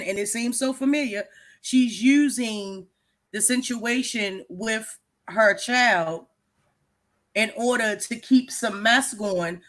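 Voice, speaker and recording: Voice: mid-range voice, fairly bright tone. A livestream co-host giving emphatic, profane commentary and often repeating words.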